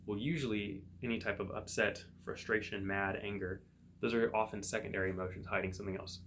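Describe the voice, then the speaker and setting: A man, a psychotherapist hosting his own show, thinking aloud in a relaxed solo monologue with everyday examples. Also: lowish voice, quick pace, a little hiss or hum. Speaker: psychotherapist podcast host.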